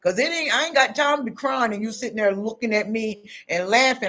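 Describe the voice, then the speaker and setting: A woman's voice: fairly high pitch, a little fast, fairly bright tone. A woman giving spiritual advice in a casual, unscripted monologue, blunt and confrontational, full of street slang and talking straight to the listener. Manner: talks straight to the listener with many tags like "you know what I'm saying".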